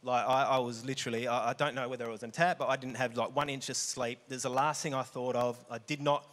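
A man's voice: mid-range voice, level tone, fast, fairly bright tone. A man giving an earnest, upfront testimony at church about his work as a salesperson. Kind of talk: telling a testimony. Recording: echoey hall.

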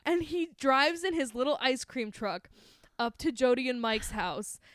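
A young woman co-hosts a casual podcast, recapping a movie with sarcastic jokes, frequent laughter and plenty of swearing. Her voice sits a bit high and sounds smooth and clear. The close microphone keeps it dry. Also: lively intonation, a little slow, fairly bright tone, no echo. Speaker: podcast co-host. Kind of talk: casual chat recapping a film.

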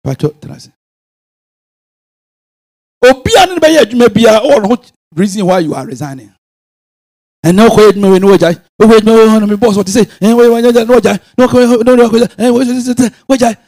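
High, raspy Ghanaian preacher. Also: male voice, fast, long pauses. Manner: switches between quiet musing and sudden shouted bursts. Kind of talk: sermon mixing Twi and English.

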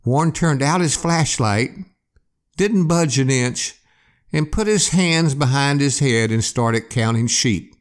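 A man hosting a podcast, telling a scary campfire story in a slow, expressive way. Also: mid-range voice. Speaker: podcast host. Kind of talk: storytelling narration.

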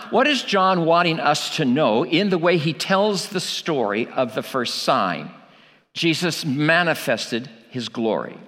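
A man's voice: fairly high pitch, pushed and bright, big-room sound. A man preaching a sermon, emphatic, asking rhetorical questions and repeating key lines for weight.

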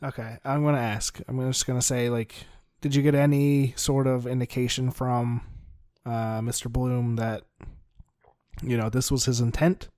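A man's voice: mid-range voice, level tone, normal speed, a little mellow, no room sound, clean studio sound. A man with a Newfoundland accent playing a tabletop game, hesitant and thinking aloud. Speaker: player. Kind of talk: casual tabletop game play.

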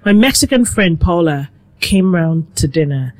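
A middle-aged woman from Nigeria, a guest telling her life story in a relaxed, reflective way. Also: fairly low pitch, measured pace. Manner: reflective, animated with quoted asides. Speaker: guest, food blogger. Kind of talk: conversational storytelling.

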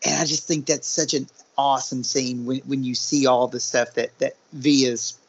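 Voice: medium pitch, level tone, normal speed, breathy edge. A podcast co-host building a thoughtful point in a casual movie discussion. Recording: muffled lo-fi sound.

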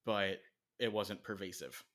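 A man guesting on a podcast, speaking in a measured, hesitant way in casual conversation. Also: fairly low pitch, steady tone, a bit bright. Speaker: guest, former drumline member.

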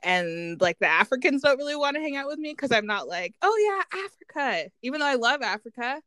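Her voice is a little high, quick and clean, with no echo: a woman in her thirties from Canada co-hosting a casual podcast. She tells lively stories, performs the voices of the people she quotes, and breaks into laughter often.

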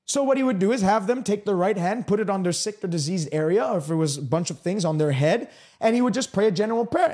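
A man preaching a sermon, telling healing stories in an emphatic style with sudden jumps in pitch. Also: a little mellow.

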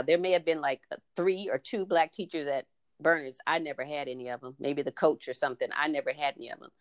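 With a deep voice and no room sound around her, this middle-aged woman guests on a podcast, chatting casually. She tells stories and acts out the words of the people she quotes.

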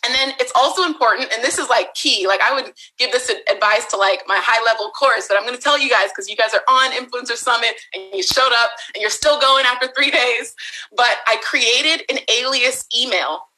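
A young woman giving an animated motivational talk to an audience, laughing often and acting out quotes. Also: on the high side, fairly quick, rough recording. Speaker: speaker on a summit panel.

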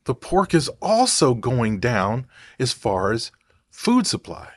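A man's voice: mid-range voice, sing-song, slow pace, no room sound, studio quality. A man talking casually to camera in a rambling, digressive way, thinking aloud as he goes. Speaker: vlogger.

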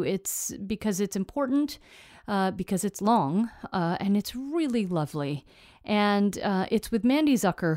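A woman's voice: medium pitch, mellow, no room sound. A woman hosting a podcast interview, talking in an earnest, emotional, chatty way and sounding close to tears. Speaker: podcast host.

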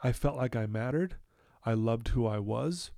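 A man's voice: mid-range voice, lively intonation, normal speed, vocal fry, dark tone, no echo. A man, a recovery counselor, telling a personal story candidly and with feeling, in his office. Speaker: addiction recovery counselor, guest.

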